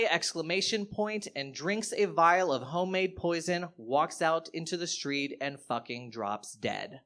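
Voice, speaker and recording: A man performing stand-up comedy on stage, telling a story in an animated, profane way with sudden loud outbursts. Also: fairly high pitch, measured pace, few pauses. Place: live stage show.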